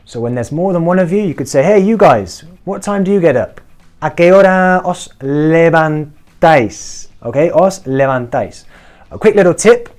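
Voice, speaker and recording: Lively man teaching Spanish to camera. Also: fairly high pitch. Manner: encouraging, checks in with frequent "okay?"; slows right down to model each Spanish form. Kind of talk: beginner language lesson. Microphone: talking to camera.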